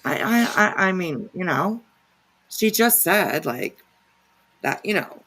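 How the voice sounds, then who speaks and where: A woman's voice: lowish voice, big pitch swings, takes it slowly, fairly bright tone. A woman hosting a casual reaction livestream, rambling and sarcastic with lots of fillers and swearing. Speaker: livestream commentary host.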